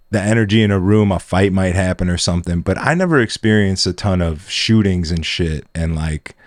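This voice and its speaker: Deep-voiced podcast host, dry sound. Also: male voice, dry recording. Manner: loose, swears, calls people "bro". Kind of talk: casual podcast chat.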